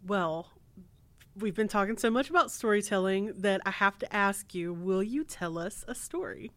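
A woman's voice: mid-range voice, expressive, normal speed, fairly bright tone. A woman hosting an arts radio show, interviewing a guest in a conversational, encouraging way. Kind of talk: interview chat.

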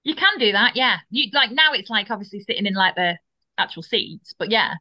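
A woman's voice: medium pitch, lively intonation, brisk, no room sound, dull audio. A British woman, a podcast co-host and mother, chatting casually and telling anecdotes with acted-out quotes. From Britain. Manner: storytelling, acts out quotes. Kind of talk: casual chat.

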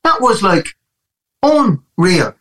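A man from Ireland with a Dublin accent, a guest musician telling animated stories in a casual interview, with frequent restarts. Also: high voice, slow, rough recording. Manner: animated storytelling with many restarts.

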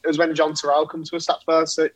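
A man's voice: on the high side, completely flat delivery, fast. A man, a podcast regular, talking eagerly and fervently about his football club. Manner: eager, fervent fan talk. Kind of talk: casual podcast chat.

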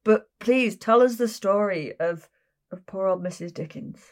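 A woman's voice: mid-range voice, a little slow, a little mellow. A woman host in casual chat, reacting bluntly and swearing freely.

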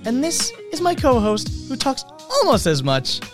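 A man's voice: very high voice, wildly swooping pitch, normal speed, over music. A young adult man hosting a podcast in casual chat, rambling and upbeat, with many fillers. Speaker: podcast host.

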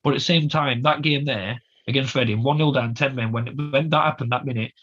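Fast-talking ranting man. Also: mid-range voice, fairly bright tone, slightly rough. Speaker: podcast co-host. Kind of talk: passionate football fan chat. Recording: dull lo-fi podcast audio.

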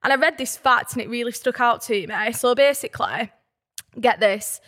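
A woman's voice: fairly high pitch, moderate pace. A woman in her thirties with a Burnley accent, co-hosting a casual podcast chat and telling stories with energy. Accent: Burnley, Lancashire. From Burnley, England. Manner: animated storyteller, reads out facts. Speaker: podcast co-host. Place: indoors on a sofa.

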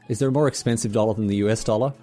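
A man's voice: fairly low pitch, warm tone. A man co-hosting a podcast, ranting in exasperation in casual chat, with many restarts. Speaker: podcast co-host.

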